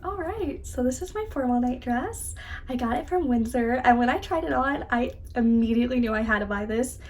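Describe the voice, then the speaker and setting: A young woman, chatting brightly as she shows off purchases in a travel vlog. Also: on the high side, lively intonation, fairly quick. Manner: bubbly, chatty, enthusiastic. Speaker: travel vlogger. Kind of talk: casual vlog narration. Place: cruise ship.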